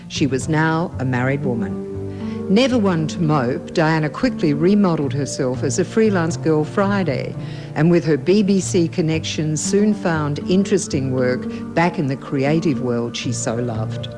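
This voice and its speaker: A narrator reads a scripted documentary segment at a measured, even pace. The voice sits at a middling pitch. Clear music plays underneath.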